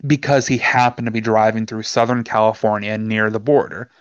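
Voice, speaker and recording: A man co-hosting a casual podcast, telling animated stories and acting out the back-and-forth of the people in them. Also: on the low side, a little fast, hardly any pauses, smooth, no echo. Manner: animated storyteller, acts out quoted exchanges. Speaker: podcast co-host. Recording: dull lo-fi sound, dry.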